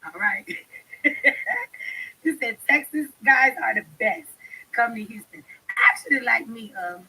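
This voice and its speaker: A woman's voice: medium pitch, measured pace, pauses often, sharp tone, breathy edge, poor audio. A young woman vlogger, chatting bluntly to her followers, laughing and swearing often. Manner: blunt, laughing, swears a lot, talks straight to viewers. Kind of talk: casual chat to camera.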